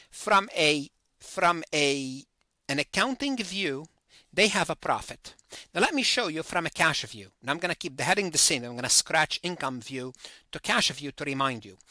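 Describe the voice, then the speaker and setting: A man's voice: on the high side, sharp tone, no echo. A man giving a recorded accounting lecture, thinking aloud, repeating and correcting himself as he works through figures.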